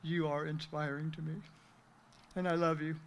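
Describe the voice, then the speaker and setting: A man's voice: a little high, level tone, moderate pace, vocal fry, slight background noise. A man reading his prepared recovery testimony aloud, earnest and heartfelt, thanking those who helped him. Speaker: speaker sharing recovery testimony.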